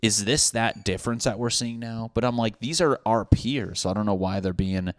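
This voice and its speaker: A young man with a low voice rants casually and profanely into a close, dry podcast mic. He mocks people as he talks, swearing freely in an offhand monologue. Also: normal speed, dry recording. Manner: profane, ranting, mocking. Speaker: podcast host.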